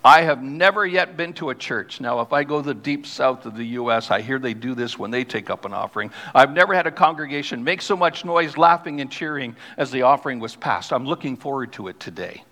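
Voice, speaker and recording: A man preaching a sermon as pastor, reading scripture aloud and slowing down to stress key words. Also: medium pitch, expressive, sharp tone. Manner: reads scripture aloud, then explains it. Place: church sanctuary. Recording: long hall reverb.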